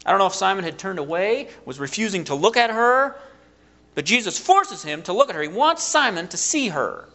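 A man preaching a sermon, retelling a story in an animated way and acting out the quotes. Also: high voice, fairly quick.

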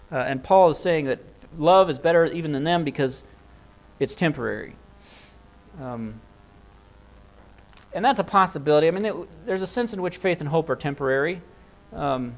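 Male pastor, somewhat high voice, earnest expository preaching style, thinks aloud. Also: low-quality recording. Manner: earnest, thinking aloud with restarts and rhetorical questions. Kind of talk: expository sermon.

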